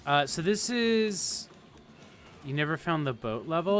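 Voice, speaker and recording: A man's voice: on the high side, very animated, a little slow, pushed and bright. A young man rambling through casual live game commentary, swearing often and laughing easily. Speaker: streamer.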